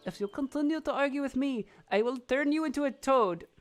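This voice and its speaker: A woman voicing a bitter, scornful older village witch in a visual novel, with a low, drawling put-on voice and a vague accent. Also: a little fast, soft background music, close to an everyday voice. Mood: stern. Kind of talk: reading a visual novel aloud.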